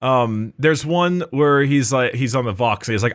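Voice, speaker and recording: A man's voice: mid-range voice, expressive, normal speed, hardly any pauses. A man in casual podcast chat, rambling with lots of fillers and restarts, laughing often. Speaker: podcast co-host.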